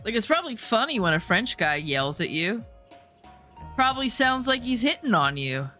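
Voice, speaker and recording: A woman's voice: fairly high pitch, sing-song, normal speed, sharp tone, faint music behind. A woman in casual chat, reacting to a show, rambling with lots of "like" and restarts.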